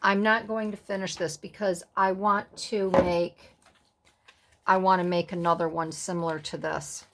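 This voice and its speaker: A woman's voice: fairly low pitch, fairly even intonation, a little slow, noisy background. A middle-aged woman hosting a casual crafting tutorial, chatting in rambling, self-amused asides as she works. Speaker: craft video host.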